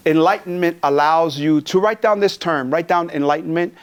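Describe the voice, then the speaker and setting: Guy from california hyping up a conference crowd, cusses a lot, pretty high voice. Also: normal speed, clean tone. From Pomona, California. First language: Tongan. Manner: energetic, profane, joking with the crowd. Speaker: keynote speaker. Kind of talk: motivational keynote. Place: conference hall.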